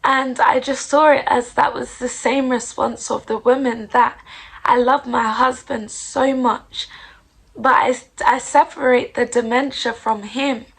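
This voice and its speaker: Slow, gravelly-voiced woman, earnest devotional talk. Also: fairly high pitch, fairly even intonation, fairly bright tone, rough recording. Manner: earnest, heartfelt. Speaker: podcast host. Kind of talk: reflective devotional monologue.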